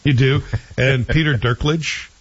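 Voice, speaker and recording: A man's voice: medium pitch, steady tone, unhurried, slightly rough. A man hosting a casual chat show, rambling through his opinions on a TV series and often correcting himself. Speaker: host reviewing TV series. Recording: dull lo-fi sound.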